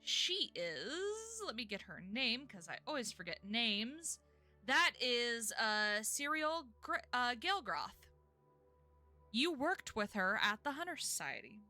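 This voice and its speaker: A woman's voice: fairly high pitch, big pitch swings, takes it slowly, pushed and bright, soft background music. A woman narrating a tabletop game as game master, casual and often laughing.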